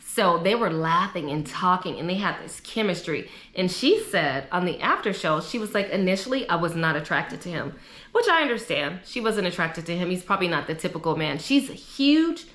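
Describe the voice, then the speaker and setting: A young woman vlogs a chatty, opinionated recap in an echoey room, peppering the casual talk with animated asides. She speaks in a lowish voice at a moderate pace.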